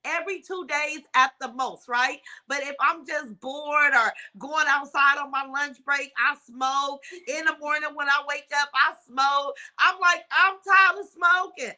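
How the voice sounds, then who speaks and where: Older woman, casual livestream chat, high voice, real bright and lively storytelling. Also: a little slow, hardly any pauses, poor audio. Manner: animated storytelling, swears, laughs often. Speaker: livestream host.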